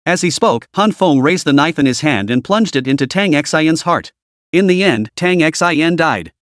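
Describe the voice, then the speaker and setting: A man gives scripted, dramatic narration of a comic story in a fairly high, fairly bright voice. He's animated and keeps a moderate pace, and the recording is dry and studio quality.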